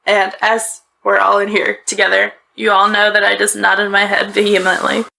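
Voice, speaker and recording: A woman's voice: medium pitch, monotone, normal speed, creaky, sharp tone, slight background noise. A woman hosting a podcast, telling a true-crime case in casual, chatty talk with laughing asides. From northeastern United States. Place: small closet-like bedroom.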